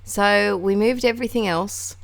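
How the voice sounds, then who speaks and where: Gravelly and medium-pitched, her voice moves at a moderate pace with no echo. She narrates her scrapbooking for a casual craft vlog, rambling and chatty, punctuated by laughter and asides.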